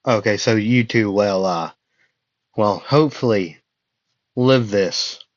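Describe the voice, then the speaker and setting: A man's voice: lowish voice, slow, no echo, highs cut off. A man voicing a brash, reckless young male knight who talks bluntly. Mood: taunting.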